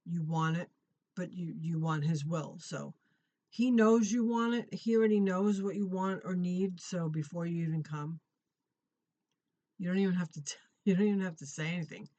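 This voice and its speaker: On a muffled recording, this Christian encouragement vlogger, a middle-aged parent, talks at a normal speed in a medium-pitched, darkish voice. The topic is a personal prayer testimony meant to encourage viewers. The delivery is earnest and conversational, with frequent repeated and restarted phrases.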